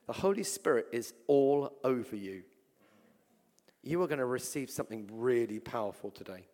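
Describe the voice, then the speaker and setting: An English man preaching a sermon and telling healing stories, swinging between loud exclamations and hushed asides. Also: medium pitch, lively intonation, normal speed. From England. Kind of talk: sermon with storytelling. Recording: long reverb from a large hall.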